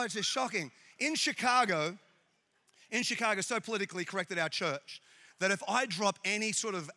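A middle-aged Australian man preaching a humorous sermon in church, telling animated, jokey stories. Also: sits high.

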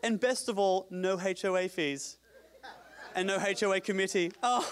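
A man's voice: high-pitched, normal speed, a faint crowd, voice pushed up, natural voice. A man voicing a fawning male devil with a put-on English accent, greeting a wealthy newcomer like a hotel host. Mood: mock welcoming. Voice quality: fawning, mock-polite hotel host manner. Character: smarmy male devil greeting a rich arrival.

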